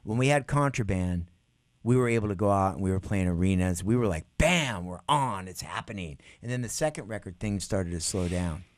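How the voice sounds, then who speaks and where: A middle-aged man, a guest musician, animatedly telling stories in an interview and acting out quotes in a higher voice. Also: fairly quick, a little mellow, dry recording. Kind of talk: interview storytelling. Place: radio studio.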